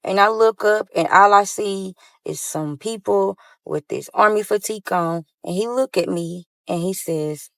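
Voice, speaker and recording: A woman's voice: medium pitch, a little slow, vocal fry, few pauses, dry recording. A young woman recounting her own story time, talking animatedly and addressing listeners as y'all.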